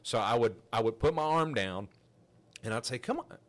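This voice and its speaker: A man hosting a podcast, telling a story in a casual, animated, rambling way with frequent restarts. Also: mid-range voice, moderate pace. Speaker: podcast host.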